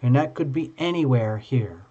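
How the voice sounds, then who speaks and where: A man hosting a live tarot stream, chatting with viewers in an excitable, gushing and playful way. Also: mid-range voice, normal speed. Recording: dull lo-fi stream audio.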